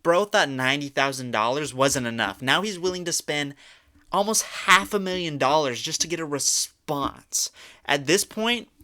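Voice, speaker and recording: A man's voice: a little high, lively intonation, moderate pace, pushed and bright. A young man doing reaction commentary, incredulous and mocking, swearing often as he talks. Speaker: commentary YouTuber.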